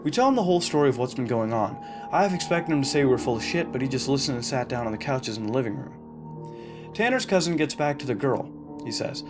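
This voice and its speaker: A man's voice: mid-range voice, animated, fast. A man reading a first-person horror story aloud in a casual, profane way, with fillers and restarts. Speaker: narrator. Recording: narration over music.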